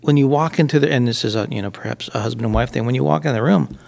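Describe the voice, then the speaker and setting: A man hosting a faith-based conversation, speaking in reflective, deliberate phrases. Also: medium pitch, gravelly, darkish tone.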